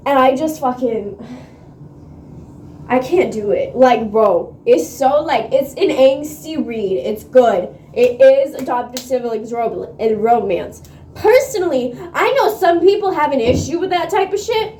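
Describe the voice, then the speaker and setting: A woman vlogging about a book she's reading, excitable and slangy, swearing freely and laughing often, recorded on a phone. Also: sits high, a little slow, a little hiss or hum. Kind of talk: casual reading vlog chat. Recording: echoey room on a phone mic.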